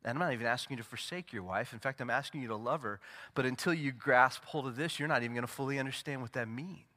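A man preaching a sermon as pastor, swinging from loud, emphatic peaks to low, intimate asides. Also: fast talker. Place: church sanctuary.

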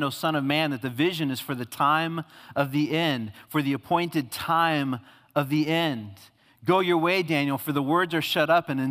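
A man preaches a sermon in a slightly higher voice, his words ringing with the long reverb of a large hall. He talks earnestly and steps into voices of God and the prophet as he teaches. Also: a bit bright. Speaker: pastor.

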